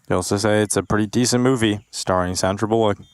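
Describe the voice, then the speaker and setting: A man's voice: fairly low pitch, steady tone, fast, clean tone, no room sound. A man co-casting a competitive game live, teasing his partner with dry humor between play calls. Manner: dry, teasing co-caster banter. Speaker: esports caster. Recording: broadcast with loud game sounds behind.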